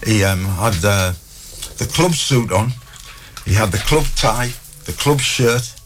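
A man tells anecdotes as a guest on a radio show, acting out the voices in them. His voice sits low but swings widely in pitch. A faint hiss runs under the recording. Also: slow. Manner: animated, acts out voices in stories. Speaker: guest storyteller.

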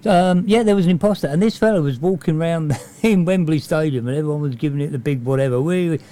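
A man's voice: a little high, fast, warm tone, dry recording. Jokey radio presenter, man. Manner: jokey, chatty banter. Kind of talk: casual on-air chat.

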